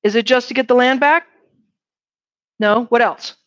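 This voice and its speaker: At a moderate pace, a woman with a highish voice teaches a university class in a lively way, posing questions to the students and often asking "right?". The classroom recording is dry and dull, without room sound.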